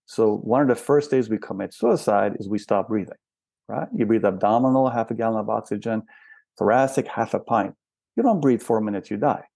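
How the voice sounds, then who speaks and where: Older man, gravelly voice, dry close sound, reflective guest, patient explanations. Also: fairly low pitch, warm tone, no echo. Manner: explains patiently with rhetorical questions. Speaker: spiritual counselor and healer, interview guest. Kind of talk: reflective interview talk.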